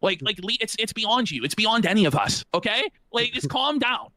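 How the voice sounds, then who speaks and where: A man's voice: high voice, big pitch swings, normal speed, pushed and bright, no room sound. A man co-hosting a casual reaction chat, mocking and laughing often. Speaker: stream co-host.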